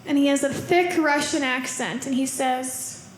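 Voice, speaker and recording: A woman's voice: sits high, measured pace. A woman performing a stand-up comedy set on stage, chatty and self-mocking, often laughing at her own jokes. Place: comedy club stage before a live audience. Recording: roomy live venue with audience noise.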